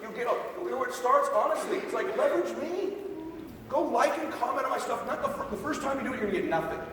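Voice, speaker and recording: A brash, fast-talking man speaks from a stage to a sales team, a little profane and always checking if the crowd is following. His voice sits fairly high for a man and rings through a big echoing hall. It reaches the mic from far off, with a faint murmur of the room behind. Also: lively intonation, background noise. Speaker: motivational speaker. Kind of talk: live motivational talk to a sales team. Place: large hall, stage at a live event.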